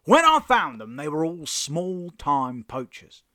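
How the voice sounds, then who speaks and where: A man playing a cocky, cheeky highwayman telling his story in a comedy sketch. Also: wildly swooping pitch, slow, pushed and bright, no room sound, studio quality, exaggerated voice. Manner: boastful, cheeky. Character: cocky roguish male highwayman.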